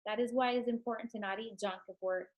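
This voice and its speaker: A woman's voice: fairly high pitch, steady tone, fast, muffled recording. Chatty woman with a stuffed-up nose. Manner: chatty and enthusiastic, with many ums. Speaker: product seller talking to her team. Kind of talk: casual live-stream talk.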